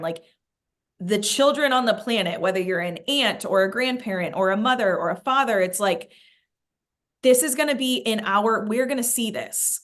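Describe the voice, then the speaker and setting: A woman's voice: mid-range voice, lively intonation, normal speed. A woman in casual, heartfelt conversation, talking earnestly with many fillers and growing emotional.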